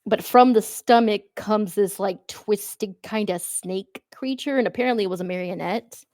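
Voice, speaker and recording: A young woman chats on a podcast in a loose, filler-heavy way, retelling scenes with lively asides. Her voice sits mid-range for a woman. The recording is dry and close, with no room sound. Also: medium pitch, normal speed, dry recording. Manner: chatty, lots of fillers, animated retelling with acted-out shouts. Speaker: podcast co-host. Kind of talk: casual film discussion.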